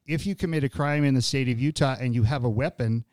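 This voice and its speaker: Smooth-voiced podcast host. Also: male voice, medium pitch, fast, a little mellow, no echo. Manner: thoughtful, restarts phrases. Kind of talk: conversational podcast talk. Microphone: studio podcast mic.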